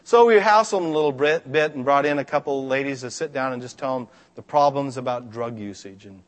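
A man's voice: medium pitch, a little fast. A man preaching a sermon, telling stories and acting out the voices of the people in them. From Scotland. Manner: animated, acts out voices in stories. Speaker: pastor. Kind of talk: sermon with storytelling.

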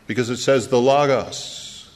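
A man preaching a sermon as pastor, earnest, slowing down on key phrases and quickening in asides. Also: medium pitch, fairly even intonation. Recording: long reverb of a large hall.

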